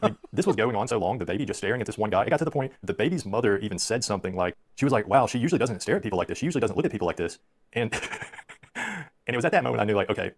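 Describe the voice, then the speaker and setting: A man in his thirties telling rambling, self-deprecating stories about his own life in a casual way. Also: on the low side. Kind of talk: storytelling on a stream.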